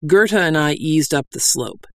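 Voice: medium pitch, lively intonation, normal speed, dry recording. A reader narrating a comic fantasy tale in a dry, wry storytelling style. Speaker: audiobook narrator.

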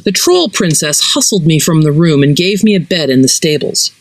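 Lively story narrator, pitch all over the place, dry close mic. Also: normal speed, no room sound, poor audio. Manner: expressive, varied pitch. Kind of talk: fiction reading.

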